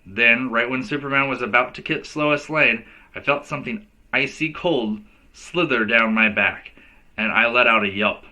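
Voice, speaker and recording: Bright-voiced teacher reading a storybook. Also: male voice, mid-range voice, normal speed, poor audio. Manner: lively storyteller who voices each character. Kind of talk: reading a children's book aloud.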